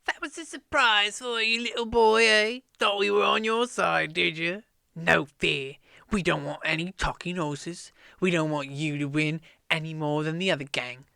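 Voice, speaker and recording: A spiteful gang of jeering dwarves, put on by a man, pitched well above his usual talk, loud and taunting. The voice is bright and crisp, recorded dry and close. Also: normal speed, no room sound, heavily acted. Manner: mocking, taunting.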